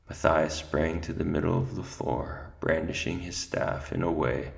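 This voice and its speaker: A man narrating a novel aloud with a measured storytelling cadence. His voice is extremely low and heavily gravelly. The reading moves steadily through the prose. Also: fairly even intonation. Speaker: reader. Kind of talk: audiobook narration.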